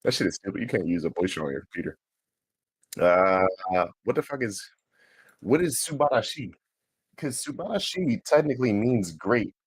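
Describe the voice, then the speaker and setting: Streamer guy: deep, husky, lively delivery, dry close sound, profane and loose. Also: moderate pace, dry recording. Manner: swears freely, sounds out foreign words. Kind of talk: casual livestream chat.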